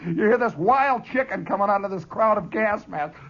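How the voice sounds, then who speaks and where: A male radio host telling an animated story with frequent chuckles, on a dull lo-fi 1970s radio broadcast. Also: sits high, moderate pace. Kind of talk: storytelling monologue.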